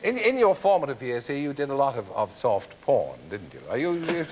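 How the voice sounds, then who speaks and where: A man's voice: mid-range voice, sing-song, a little fast. A man hosting a chat show, interviewing guests in a teasing, playful way. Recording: faint hiss on an old TV recording.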